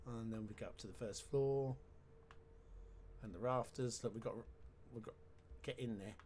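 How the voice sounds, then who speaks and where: A man's voice: mid-range voice, normal speed, a little mellow, slight background noise. A man giving casual let's-play commentary, chatty and wry with sarcastic asides. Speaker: game commentator.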